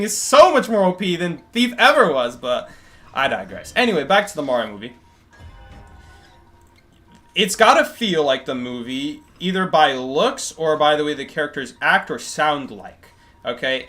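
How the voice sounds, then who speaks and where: A young man streaming live, talking casually in a rambling, animated way that often corrects itself. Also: fairly high pitch. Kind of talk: casual livestream chat.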